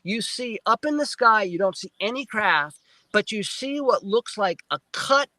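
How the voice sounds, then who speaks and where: A man telling a story as a guest, excitable and animated, acting out sounds and quoting himself. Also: high-pitched, measured pace, no echo. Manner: excitable, acts out sounds and quotes.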